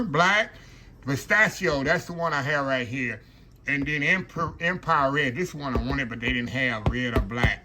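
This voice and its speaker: A man's voice: a little high, noisy background. A man hosting a casual kitchen vlog, chatting to viewers as y'all while demonstrating a stand mixer, laughing often. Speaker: cooking channel host reviewing a stand mixer. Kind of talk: casual product demo vlog. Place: home kitchen.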